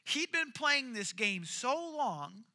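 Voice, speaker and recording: A man preaching a sermon, retelling a story in an animated, jokey way. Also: extremely high pitch, slow pace.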